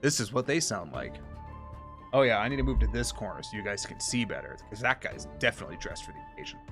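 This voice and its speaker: A man's voice: on the low side, sing-song, fast, creaky, a bit bright, faint music behind. A man streaming a game, chatting casually and irreverently, with frequent swearing. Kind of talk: casual gameplay commentary with voiced dialogue.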